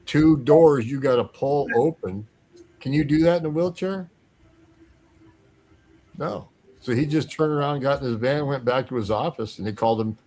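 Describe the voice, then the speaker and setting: A man's voice: medium pitch, normal speed. A man telling a long story on a talk show, acting out the voices of the people he quotes. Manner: animated, acts out quoted voices. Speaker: guest.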